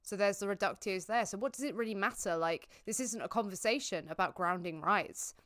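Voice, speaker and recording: A woman's voice: medium pitch, brisk, a bit bright. A woman streamer reacting to a debate while gaming, blurting out exclamations and swearing, then arguing back at the speakers.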